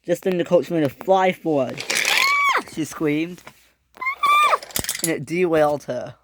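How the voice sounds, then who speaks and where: A young man, likely a boy, narrating an improvised toy train story, excitable, with frequent restarts and loud screams for the characters. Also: a little high, measured pace, very noisy.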